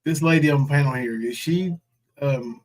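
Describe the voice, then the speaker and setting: A man's voice: mid-range voice, moderate pace. A man co-hosting a casual reaction chat, playful and laughing often. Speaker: co-host.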